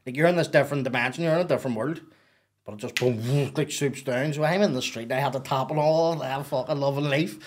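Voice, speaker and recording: Guy on a podcast, swears a lot, rambles, animated, middle pitch. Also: fast. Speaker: podcast guest. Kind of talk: casual storytelling.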